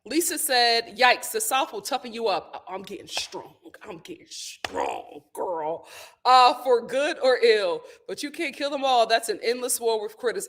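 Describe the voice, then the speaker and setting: A woman with a fairly high voice that swings widely in pitch, hosting a casual live stream from home. She reads out viewer comments and breaks into animated, laughing outbursts. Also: a little slow. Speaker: live stream host reading chat.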